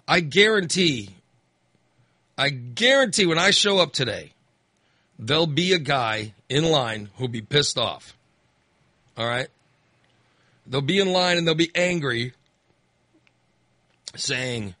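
A man's voice: mid-range voice, lively intonation, takes it slowly, pauses often, bright, forceful tone, no room sound, studio quality. A man hosting a call-in radio chat, rambling and acting out angry voters. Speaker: radio host.

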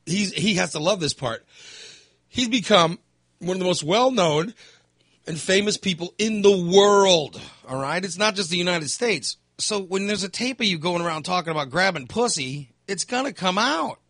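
A man's voice: sits high, moderate pace, no echo, studio quality. A man in casual talk, ranting about politics, sighing, swearing and mocking what others say. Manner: animated, mocking quotes of others, swears, sighs.

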